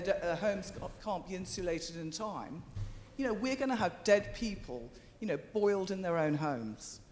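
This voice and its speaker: Man, high voice, impassioned committee statement, halting, reverberant chamber with faint hum. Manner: urgent, halting with fillers and restarts. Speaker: member of the public speaking to a committee. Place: large meeting chamber.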